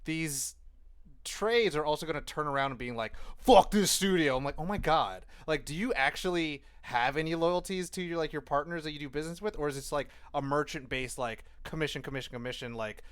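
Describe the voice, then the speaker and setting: A man co-hosts a casual podcast, rambling at length in an animated way and swearing often. His voice is smooth and resonant, recorded dry and close with no room echo. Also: a little high, brisk. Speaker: podcast co-host. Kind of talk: casual chat.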